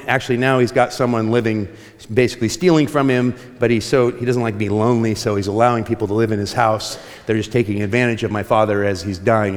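Passionate preacher in a reverberant hall. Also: male voice, mid-range voice. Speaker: pastor. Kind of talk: sermon.

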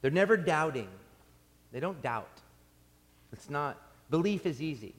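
A male pastor preaching in a slightly high voice. He tells stories in an animated way and keeps restarting his sentences. His voice rings out with a long reverb from a large church hall. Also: unhurried. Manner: animated storytelling with frequent restarts. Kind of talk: sermon.

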